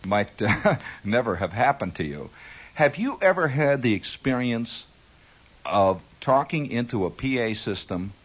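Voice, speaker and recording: Animated man telling a rambling radio story. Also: mid-range voice, husky. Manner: animated, digressive, laughing asides, sudden shouted bits. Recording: dull lo-fi 1960s radio broadcast.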